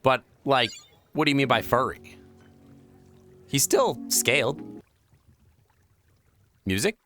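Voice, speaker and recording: A young man chatting casually on a live stream, reading and answering viewer messages, playful and giggly, rambling and breaking into squeaky high exclamations. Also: lively intonation, slow pace, bright, forceful tone, soft background music. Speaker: VRChat streamer.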